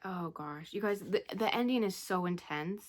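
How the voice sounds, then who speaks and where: A woman's voice: fairly low pitch, moderate pace. A woman vlogger chatting casually about a book she read, retelling it in a rambling, emotional way with sighs. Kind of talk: casual book review chat.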